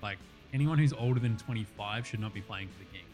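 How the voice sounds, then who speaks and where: A man with an Australian accent hosting a casual sports podcast, loud, profane and joking. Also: lowish voice, fast, soft background music. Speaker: podcast host.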